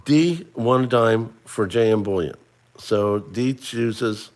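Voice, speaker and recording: A man's voice: on the low side, takes it slowly, a little mellow. A middle-aged man hosting a casual livestream, chatting and running a trivia quiz for viewers he addresses by name. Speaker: livestream host.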